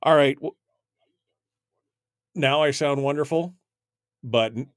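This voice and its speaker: A man's voice: mid-range voice, slow, no echo. A male talk radio host speaking live on air, rambling and flustered as he fixes failing studio gear, with many restarts.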